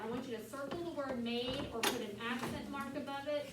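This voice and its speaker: A woman leads a choir class with a fairly high voice, walking students through their music and chanting lyrics slowly. She sounds far from the mic in an echoey classroom with steady background noise. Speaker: choir teacher.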